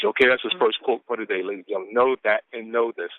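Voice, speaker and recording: A man's voice: mid-range voice, racing, hardly any pauses, no echo. A man calling in to a motivational conference call, exuberant and preachy, whooping and repeating lines. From Atlanta, Georgia. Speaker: caller reading quotes of the day. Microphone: phone. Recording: phone line.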